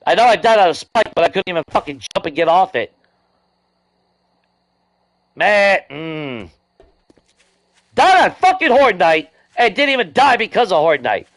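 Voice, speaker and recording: A man's voice: sits high, sing-song, unhurried, long pauses, a bit bright, no room sound. A man streaming a video game, ranting angrily about glitches with constant swearing. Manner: angry ranting, heavy swearing. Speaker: gaming streamer. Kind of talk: live gameplay stream commentary.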